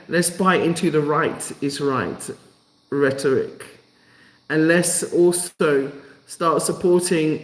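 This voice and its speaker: A man's voice: fairly high pitch, roomy sound, low-quality recording. Emotional man hosting a live stream. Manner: emotional, repetitive, rallying. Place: home in Africa.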